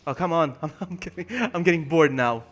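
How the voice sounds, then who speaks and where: A man streaming a game live, greeting viewers by name, yelping when things go wrong and mocking himself. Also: fairly quick. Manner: excitable, jumps to high yelps when in danger, then mutters low. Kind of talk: live gameplay commentary.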